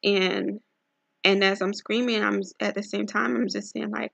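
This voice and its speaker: A young woman telling a personal religious testimony, earnest and halting, often repeating herself. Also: mid-range voice, fairly even intonation, gravelly, a bit bright, dry recording. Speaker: testimony speaker.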